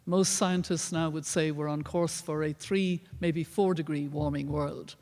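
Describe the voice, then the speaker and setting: An older woman with an Irish accent, giving an earnest, measured public lecture as a guest speaker. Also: sits low, fairly even intonation, a little mellow. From Ireland. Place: large lecture hall. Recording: long reverb of a large hall.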